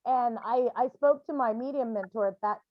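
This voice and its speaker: A woman with a fairly high voice counsels grieving parents on a video call, animated and expressive, now and then acting out scenes in other voices. The sound is muffled and dry, with no room around it. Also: normal speed, no echo. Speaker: medium leading a grief support call.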